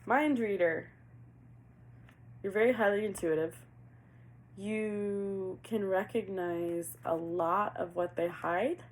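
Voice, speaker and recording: A woman's voice: mid-range voice, takes it slowly, pauses often, a little hiss or hum, low-quality recording. A woman giving a casual tarot reading, chatty and laughing often, asking questions aloud as she goes. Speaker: tarot reader.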